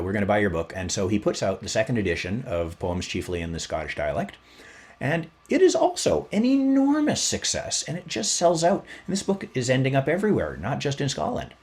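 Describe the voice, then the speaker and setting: A man's voice: medium pitch, a little fast. A man hosting a podcast, telling a history story in a casual, chatty way and playing it up for fun. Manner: animated, chatty, plays up the story. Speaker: podcast host.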